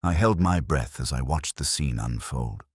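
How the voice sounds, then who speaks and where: A man reading a detective story aloud in measured scripted narration. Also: very deep voice, animated, slightly rough, no echo, studio quality.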